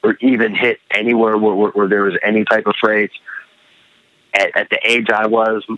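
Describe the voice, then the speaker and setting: A man, a guest artist, chatting casually over a headset call, talking haltingly with frequent restarts. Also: fairly low pitch, little pitch movement, no room sound, narrow, tinny audio. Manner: halting, stammering, lots of restarts. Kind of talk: casual chat.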